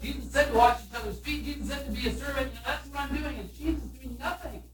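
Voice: sits high, steady tone, quick pace. A pastor preaching in a loose, conversational way, often restarting and saying "you know.". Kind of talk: sermon. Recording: roomy room from a distant mic.

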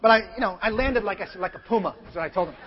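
A pastor preaching a sermon, telling a story in an animated way and acting out other people's lines, sometimes building up to shouts. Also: male voice, high-pitched, very fast, a crowd in the background. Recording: long hall reverb, dull lo-fi sound.

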